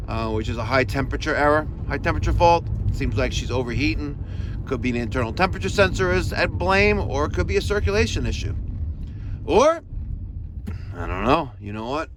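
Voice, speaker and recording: A man's voice: medium pitch, noisy background. A man, a heating technician from New York, ranting profanely while he drives to a service call, recorded in his car. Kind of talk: driving vlog rant. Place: in a car, driving.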